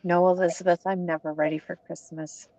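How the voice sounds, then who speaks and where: A woman chatting casually with a crochet host, making gentle, agreeable remarks. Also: lowish voice, little pitch movement, fairly quick, no echo. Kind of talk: casual chat. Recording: dull lo-fi livestream audio.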